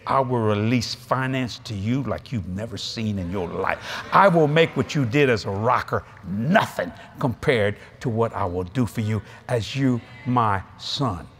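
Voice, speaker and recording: A male preacher voicing God, who speaks in a slow, deep, solemn and commanding way. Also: lively intonation, a bit bright, a little hiss or hum.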